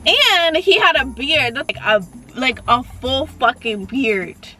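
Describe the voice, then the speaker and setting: A young woman casually telling a story to her viewers, animated and full of slang and swearing. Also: high voice, slow. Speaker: vlogger.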